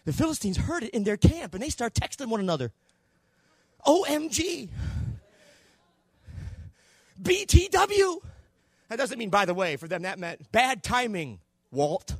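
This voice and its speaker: Animated high-voiced preacher man. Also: fairly quick, few pauses, no echo, studio quality. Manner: animated preaching that swings from shouting to hushed low tones. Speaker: pastor. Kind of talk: sermon.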